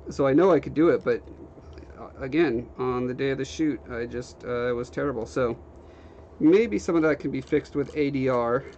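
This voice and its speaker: A young man livestreams from his home workshop, chatting casually as he works and reading viewer comments aloud in a relaxed, rambling way. His voice is medium-pitched at a moderate pace, and the stream audio sounds slightly dull with faint background noise.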